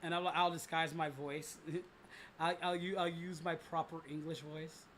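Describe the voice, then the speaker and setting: A young man chats on his livestream in a rambling, unguarded way, full of restarts and casual swearing. His voice sits high and sounds bright and forward, with faint background noise on the mic. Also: flat delivery, measured pace. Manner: rambling, lots of fillers and restarts, swears freely. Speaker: livestream host and voice director.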